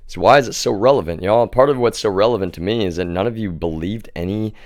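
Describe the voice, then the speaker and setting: A young man rants heatedly into his streaming mic, swearing and calling his viewers "y'all". His voice sits very low and sounds smooth and resonant. The sound is dry and close, with little room around it. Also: quick pace, a little mellow, dry recording. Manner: heated, profane, repeatedly addressing viewers as y'all. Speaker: livestream host. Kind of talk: ranting livestream monologue.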